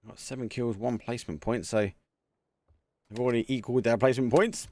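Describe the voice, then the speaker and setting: A man casting a live esports match as a community caster, chatty and excitable, talking to viewers between plays. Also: mid-range voice, fairly quick, a little hiss or hum. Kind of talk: live community game commentary.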